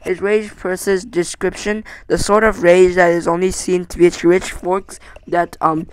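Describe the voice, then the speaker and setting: Casting: amateur male reader of a storybook, high smooth voice, stumbling delivery. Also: flat delivery, poor audio. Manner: halting, stumbling, many restarts. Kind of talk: reading a novel aloud.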